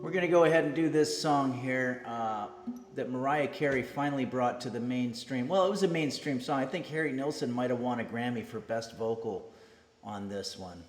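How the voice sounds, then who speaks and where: A man hosting a cooking stream, chatting casually and hesitantly to viewers with many pauses and fillers. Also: mid-range voice, echoey room, long reverb tail, faint music behind. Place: home kitchen streaming setup.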